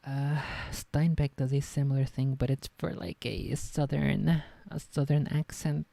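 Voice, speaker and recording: Gravelly woman streamer, chatty and self-critical, swears a lot, dry close mic. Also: rumbling low, steady tone, unhurried, warm tone, no echo. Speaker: streamer reading a novel aloud. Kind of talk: casual live-stream chat and reading.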